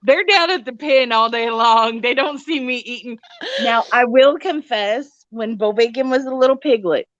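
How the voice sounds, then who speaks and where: A woman co-hosting a true crime podcast in casual chat, an animated storyteller who acts out voices. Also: fairly high pitch, moderate pace, dry recording, lo-fi sound. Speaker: podcast co-host.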